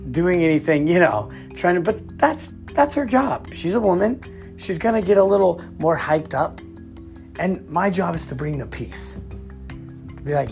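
A man's voice: fairly high pitch, animated, moderate pace, gravelly, darkish tone, faint music behind. Man giving a casual faith talk. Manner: conversational, emphatic, laughs easily. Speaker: Christian vlogger.

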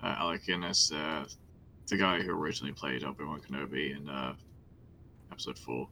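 Male co-host, deep and gravelly with a tense edge, dry offhand banter. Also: flat delivery, a little fast, bright, forceful tone, a little hiss or hum. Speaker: podcast co-host. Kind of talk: casual chat.

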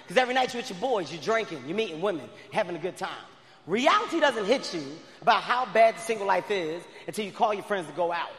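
A high-voiced male stand-up comedian tells a story loudly and excitably in a large live comedy venue. The recording carries long reverb and faint crowd noise.

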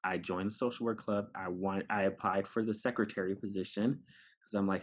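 A man from New York City with a low, slightly husky voice tells a personal story as a podcast guest. He is animated and acts out the dialogue of the people in his story. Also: fairly quick. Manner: animated, acts out dialogue, laughs while telling.

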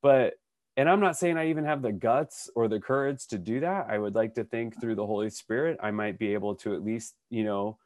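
His voice is on the low side and fairly quick, captured in clean studio sound without echo. The podcast co-host, aged thirty to forty-something, tells a story conversationally, acting out quotes with lots of restarts.

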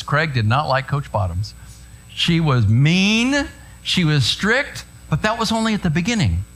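Middle-aged male pastor, slightly high and lively pitch, chatty anecdotal sermon delivery. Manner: conversational, anecdotal preaching with frequent "right?" asides.

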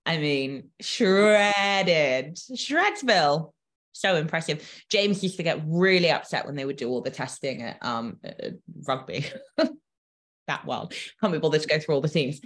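A woman's voice: sits low, normal speed. A British woman co-hosting a podcast, chatting casually with blunt teasing humor and frequent laughter. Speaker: podcast co-host.

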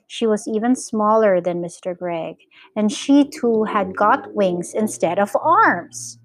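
A woman teacher reading a children's story aloud, in slow, clear storytelling with lively character voices. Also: medium pitch. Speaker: English teacher.

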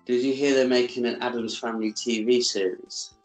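A man's voice: medium pitch, little pitch movement, fairly quick, echoey room, soft background music. A man chatting casually on a podcast, making dry, contrary remarks. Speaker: podcast co-host. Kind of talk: casual chat.

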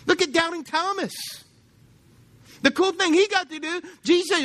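High-voiced preacher. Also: male voice, expressive, fast talker, pushed and bright. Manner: conversational, asks the congregation questions. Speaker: pastor. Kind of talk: sermon. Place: church.

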